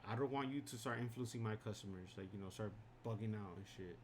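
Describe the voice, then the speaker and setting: A man's voice: on the low side, quick pace, slight background noise. A man streaming a game, telling rambling work stories in a casual, filler-heavy way. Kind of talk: casual chat while gaming. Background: game music.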